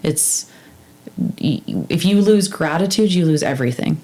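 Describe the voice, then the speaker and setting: Low-voiced woman, earnest and halting. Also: darkish tone. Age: adult with two daughters. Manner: earnest, halting, many fillers and restarts. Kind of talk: casual heartfelt conversation.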